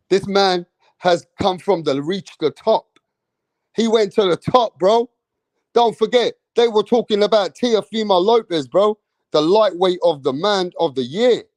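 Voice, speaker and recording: Excitable high-voiced man. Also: no room sound. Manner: excitable, slangy, repeats himself. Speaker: boxing commentator. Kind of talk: casual commentary.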